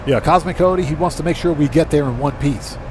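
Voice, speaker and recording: A man streaming a video game live, chatting casually, reading viewers' messages aloud and thanking them, with his voice going hoarse. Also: on the high side, fast talker, noisy background. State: losing his voice. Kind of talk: casual live gameplay chat.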